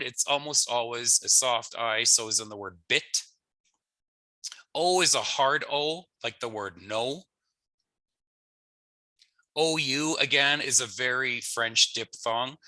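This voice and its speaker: Bright-voiced man teaching pronunciation. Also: medium pitch, no room sound. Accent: Canadian English. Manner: explanatory, relaxed, laughs at himself. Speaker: language teacher. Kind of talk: pronunciation lesson.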